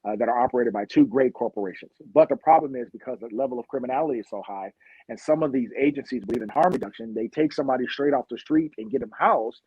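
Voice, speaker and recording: A man's voice: mid-range voice, fast talker, slightly rough, no echo, muffled recording. A man from Long Beach, a police officer guest on a podcast, telling street stories in a blunt, impassioned way. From Long Beach, California. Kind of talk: podcast interview storytelling.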